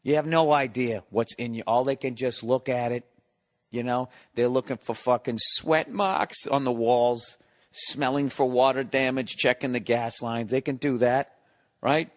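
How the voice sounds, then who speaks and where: A man's voice: mid-range voice, fairly even intonation, a little slow. A middle-aged man hosting his own podcast, ranting in a profane, exasperated comic monologue with sarcastic asides. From United States. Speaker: podcast host. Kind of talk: solo comedic rant.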